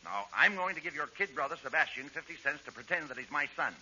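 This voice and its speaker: A brisk, bossy straight man with a bright, lively voice that jumps up and down in pitch. Faint hiss and a dull, muffled tone from an old 1940s radio broadcast. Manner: brisk, bossy, smooth-talking.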